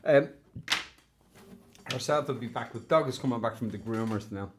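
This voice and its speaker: A man's voice: medium pitch, normal speed. An Irish man chatting casually as he unboxes and looks over a guitar, thinking aloud with fond asides. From Ireland. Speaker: guitar reviewer.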